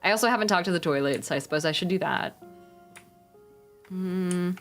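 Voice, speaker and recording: A woman's voice: on the low side, normal speed, a bit bright, faint music behind. A woman streaming a game, chatting casually with her viewers and swearing freely.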